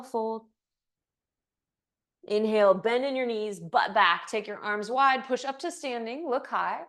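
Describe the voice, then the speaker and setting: A slightly high-pitched woman leads a flowing yoga class, calling each pose in time with the breath. She is a little out of breath as she moves and drops in casual, joking asides between her cues. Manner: breath-paced cues, chatty asides with light laughs. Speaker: yoga instructor. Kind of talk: cueing a live yoga class.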